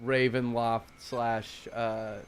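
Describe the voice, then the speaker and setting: A man's voice: medium pitch, flat delivery, very slow, clear, resonant tone. A man running a tabletop game, chatting out of game and giving long, rambling explanations with many fillers. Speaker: game master. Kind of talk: casual out-of-game table chat. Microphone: streaming mic.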